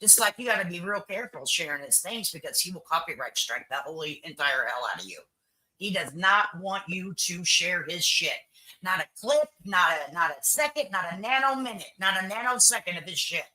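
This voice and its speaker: Blunt, bright-voiced woman. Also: fairly low pitch, expressive, normal speed, low-quality recording. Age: older. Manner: blunt, opinionated, repeats herself, swears. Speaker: livestream host. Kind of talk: casual chat with viewers.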